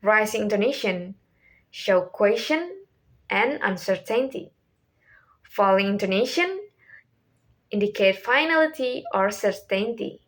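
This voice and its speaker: A woman's voice: mid-range voice, animated, a little slow, pauses often, fairly bright tone. A young woman whose first language is Indonesian, reading a class presentation from a script as questions and answers, with small restarts. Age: young adult. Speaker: student presenter.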